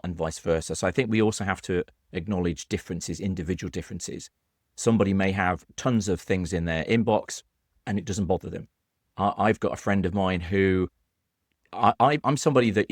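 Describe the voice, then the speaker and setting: Low-voiced British man, dry sound. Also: no room sound. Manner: earnest, explanatory, frequent restarts. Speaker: podcast co-host. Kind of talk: conversational podcast discussion.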